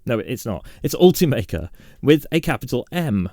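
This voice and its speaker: A man's voice: mid-range voice, sing-song, moderate pace, warm tone, no room sound. A British man hosting a casual tech news roundup with a dry, self-mocking sarcastic humor. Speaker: tech channel host.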